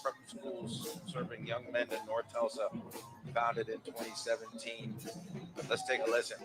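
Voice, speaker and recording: A man co-commentates an outdoor holiday parade, reading cheerful scripted introductions of each group. His voice sits at an ordinary male pitch. Band music plays clearly behind him. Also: completely flat delivery, normal speed, rough recording. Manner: upbeat scripted announcing. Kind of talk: live broadcast commentary.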